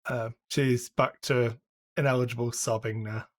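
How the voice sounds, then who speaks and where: A man narrating as game master of a tabletop game, halting often with ums as he describes scenes. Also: mid-range voice, fairly even intonation.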